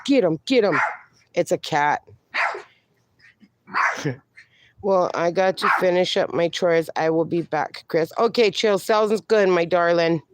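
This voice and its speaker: A woman's voice: on the low side, a little hiss or hum. A middle-aged woman hosting a casual livestream outdoors in her backyard, talking affectionately and reading viewers' comments aloud on a phone. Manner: slow, affectionate, reads chat comments aloud. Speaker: livestream host.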